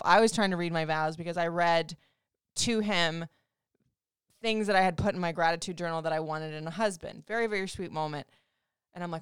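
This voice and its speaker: Teasing woman in her forties, smooth voice. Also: medium pitch, normal speed, no echo, studio quality. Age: 40s. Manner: animated, teasing, swears freely. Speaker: podcast co-host. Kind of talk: casual couple chat.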